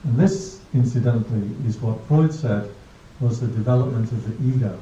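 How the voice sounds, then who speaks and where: Speaking at normal speed in a medium-pitched voice with a dark tone, a Buddhist monk teaching mindfulness gives his class an easygoing, humorous talk. He tells anecdotes and laughs at his own jokes. Slight background noise sits in a dull, distant, roomy recording.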